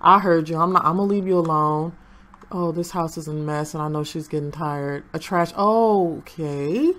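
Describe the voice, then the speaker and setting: Young woman hosting a gameplay channel, low-pitched, chats to the characters on screen. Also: moderate pace, a bit bright. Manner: chatty, talks to the game characters. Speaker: gaming channel host. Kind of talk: casual gameplay commentary.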